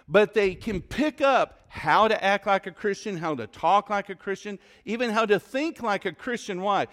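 A man preaching a sermon to his congregation as pastor, repeating and varying his questions with dramatic emphasis. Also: high-pitched. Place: church sanctuary.

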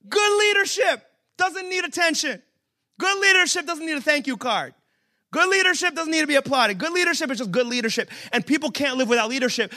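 A man pastor giving a humorous, conversational sermon at a church service, joking with the room and building to emphatic shouts. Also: very high-pitched.

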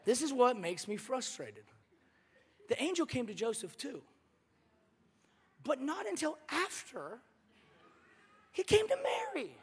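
High-voiced, animated preacher man. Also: measured pace, long pauses, slightly rough, long reverb tail. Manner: animated, joking, conversational. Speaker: pastor. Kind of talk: sermon.

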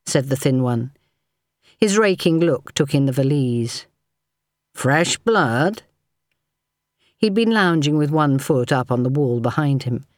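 A woman narrating a novel as an audiobook in a measured, even storytelling manner. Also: a bass voice, dry recording, studio quality.

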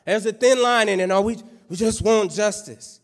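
Pastor guy preaching, kinda high voice, loose and joking, lots of questions, big church echo. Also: normal speed. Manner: conversational, playful preaching with rhetorical questions. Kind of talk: sermon. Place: church sanctuary. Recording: long church hall reverb.

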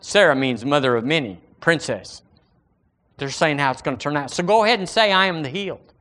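A male pastor with a Southern American accent preaches a sermon in a medium-pitched, slightly bright voice that is very animated and a little fast. He reads scripture aloud in a lifted, dramatic tone, breaking between passages for folksy, conversational asides and plain remarks.

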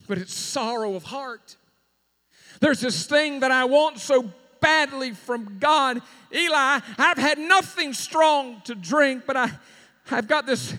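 A man's voice: extremely high pitch, bright, forceful tone, full character voice. A man voicing a grieving young mother who pleads with a priest and coaxes her small son, in a sermon. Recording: long hall reverb.

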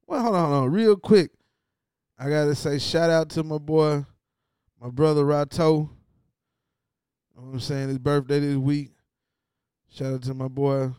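A man's voice: medium pitch, a little mellow, clean tone, no room sound, clean studio sound. A man hosting his own podcast, talking in a casual, slangy way and repeating lines for emphasis. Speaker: podcast host. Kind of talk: casual solo podcast monologue.

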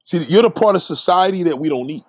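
Male streamer, slightly high husky voice, dry close sound, preachy profane rants at chat. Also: lively intonation, quick pace, no room sound. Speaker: livestream host reading chat. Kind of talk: profane ranting commentary.

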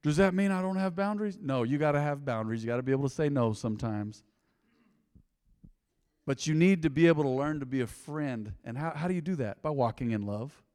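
A man with a high, very animated voice preaches a conversational sermon from the pulpit. He swings from loud bursts down to near-whispers. The sound rings with the long reverb of a church hall. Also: fairly quick, smooth. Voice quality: lively, conversational preaching with sudden loud bursts and quiet drops. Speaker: pastor.

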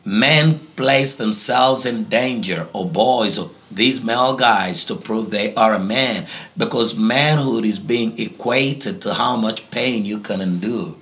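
A man's voice: lowish voice, slow, few pauses, fairly bright tone. A man from Africa, a pastor answering interview questions in a preaching tone, emphatic and fond of repeating key phrases. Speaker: guest pastor.

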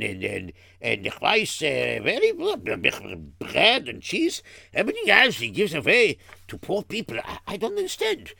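A man's voice: high-pitched, vocal fry, bright, forceful tone, no room sound, studio quality, heavily acted. A man voicing an indignant male bystander in a storytelling drama, who stammers and exclaims in disbelief.

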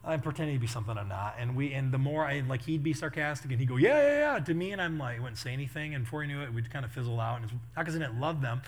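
A man's voice: mid-range voice, racing, hardly any pauses. A middle-aged man, a pastor, telling funny stories in a sermon and laughing as he acts out what people said. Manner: animated, laughing, acts out quotes. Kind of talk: storytelling sermon.

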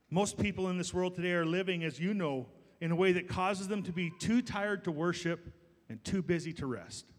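High-voiced preaching man in a reverberant hall. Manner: emphatic, rhetorical preaching with drawn-out stressed words. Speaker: pastor. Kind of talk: sermon. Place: church sanctuary.

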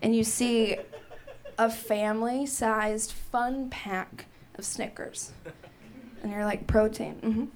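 High-voiced woman hosting a comedy show. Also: slow. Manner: animated, laughing through her stories. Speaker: stand-up host. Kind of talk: stand-up comedy. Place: comedy club stage. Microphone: handheld stage mic.

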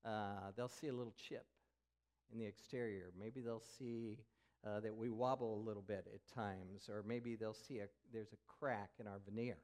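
A man's voice: fairly low pitch, steady tone, moderate pace, a little mellow. An older man, a pastor, preaching a sermon as he tells a candid story from his own life, now and then dropping to a whisper.

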